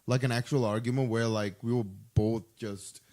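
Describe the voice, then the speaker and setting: A man's voice: mid-range voice, fairly even intonation, normal speed, darkish tone. Laid-back man swapping stories. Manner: laid-back, profane storytelling. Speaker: podcast co-host. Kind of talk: casual chat.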